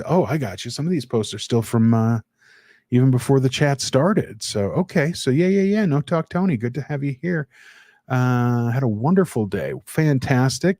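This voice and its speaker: A man hosting a casual live stream, talking haltingly with many fillers and restarts while greeting viewers in the chat by name. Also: mid-range voice, mellow, no echo, clean studio sound. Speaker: livestream host.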